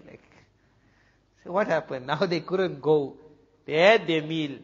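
A man from South Africa, a preacher telling a story in an animated way, dropping to a hush for the dramatic moments. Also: on the high side, a little slow, pauses often, husky. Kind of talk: storytelling talk. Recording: dull lo-fi recording with long hall reverb.

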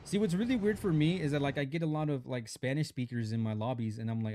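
A young man talking easygoing and slangy as he streams a mobile shooter, greeting viewers and reading chat out loud. His voice sits at an ordinary middle pitch. The sound is close and dry, with no room echo. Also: quick pace, hardly any pauses. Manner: laid-back slang, reads chat aloud and greets viewers. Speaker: mobile game live streamer. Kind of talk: casual live-stream chat while gaming.

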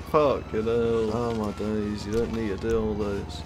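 A man's voice: on the low side, level tone, unhurried, hardly any pauses, a little mellow, slight background noise. A young British man taunting another player in online game voice chat, laughing often and swearing casually. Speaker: YouTube gaming creator. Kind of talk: teasing gaming voice chat.

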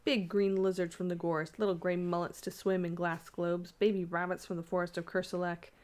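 A woman's voice: lowish voice, little pitch movement, a little fast, darkish tone, lightly acted. A woman reading the lines of a flippant, teasing young husband in a storybook, in a breezy, joking manner. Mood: doting.

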